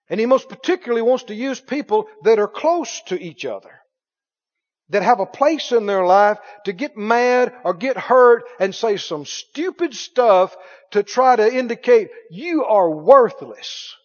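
A man preaching a sermon as pastor, reading scripture aloud with animated delivery. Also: high-pitched, unhurried. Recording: dull sound in a long-reverb hall.

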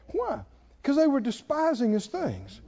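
A man's voice: very high voice, mellow, in a large hall, lo-fi sound. A man preaching a sermon, emphatic and calling out to the congregation. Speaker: pastor.

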